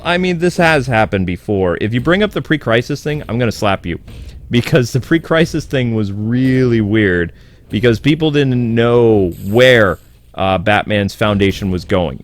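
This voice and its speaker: With a fairly low pitch, this man hosts a casual video commenting on comic books. He sounds animated, sarcastic and exasperated, riffing freely and breaking into quick character voices.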